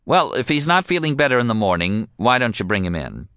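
A man voicing a sleepy, laid-back male witch doctor taking a late-night phone call, in a drowsy deadpan manner. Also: medium pitch, brisk, dry recording, clean studio sound, voice pushed up.

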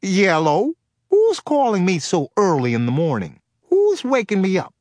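A man's voice: high-pitched, wildly swooping pitch, measured pace, a little mellow, dry recording, pitched above the performer's own voice, exaggerated voice. A man putting on a goofy comic voice to tease whoever is calling, sounding mock-indignant. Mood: goofy mock-outrage. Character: goofy teasing man answering the phone.

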